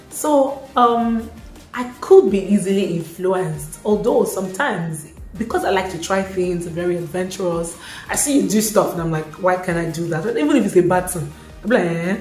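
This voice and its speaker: A woman's voice: on the low side, a little mellow. A young woman with a Nigerian accent, chatting expressively in a casual vlog, slipping in Yoruba asides. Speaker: vlogger. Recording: echoey room with faint music.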